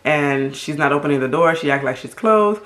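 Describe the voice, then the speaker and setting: A middle-aged woman from Haiti, telling a storytime vlog story in an animated, emphatic and indignant way. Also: sits low, normal speed. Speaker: vlogger. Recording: roomy echo.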